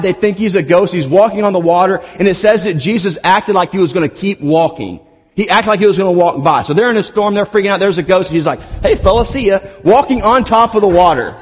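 Animated high-voiced male preacher. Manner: lively storytelling with playful asides and humor. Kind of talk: sermon. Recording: long hall reverb.

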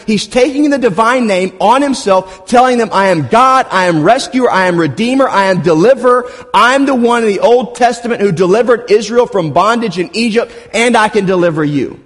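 A man's voice: sits high, expressive, moderate pace. A man preaching a sermon, retelling scenes with playful asides and humor. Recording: long hall reverb.

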